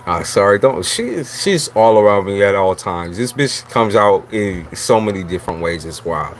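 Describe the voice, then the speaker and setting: A man's voice: on the low side, expressive, moderate pace, slight background noise. A man reading tarot who talks in a blunt, chatty way, swearing freely and laughing often as he rambles. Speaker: tarot reader. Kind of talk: casual livestream monologue.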